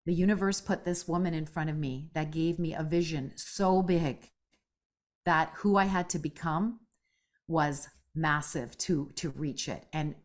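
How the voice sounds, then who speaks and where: A woman in her fifties telling her story as a podcast guest, animated and casual, peppering her talk with "right?" and the odd swear word. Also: unhurried. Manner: animated, acts out quoted voices with big pitch jumps. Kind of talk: conversational storytelling.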